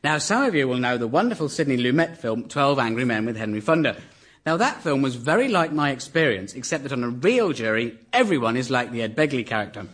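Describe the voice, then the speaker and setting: A man's voice: medium pitch, sing-song, brisk, fairly bright tone. A man, a comedian, giving a satirical mock lecture in a dry, ironic, mock-formal manner. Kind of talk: satirical stand-up lecture before a live audience.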